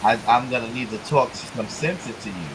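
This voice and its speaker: Male co-host, 30s, mid pitch, swears freely, animated storyteller who plays every voice in his story. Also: fairly quick, a little hiss or hum. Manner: animated storytelling, profane, acts out both sides of an argument. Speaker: podcast co-host. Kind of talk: casual chat.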